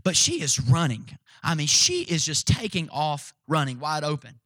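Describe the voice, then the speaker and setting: A man in his thirties preaching a sermon, telling family stories with animated quoted voices and frequent "right?" asides. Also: fairly high pitch, moderate pace, no room sound. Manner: repeats "right?" to engage listeners. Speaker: pastor.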